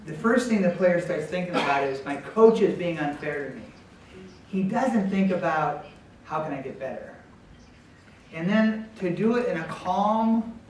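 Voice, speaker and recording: A man explaining positive coaching to an audience in a calm, patient way, with frequent pauses and ums. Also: on the high side, slight background noise. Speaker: speaker at a coaching workshop. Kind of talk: talk with audience Q&A. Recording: echoey hall, far from the mic.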